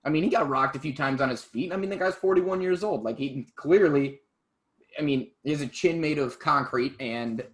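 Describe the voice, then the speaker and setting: A man co-hosting a casual podcast, chatty and quick to laugh, with plenty of fillers and trailing thoughts. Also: fairly high pitch. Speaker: podcast co-host. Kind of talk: casual chat about MMA.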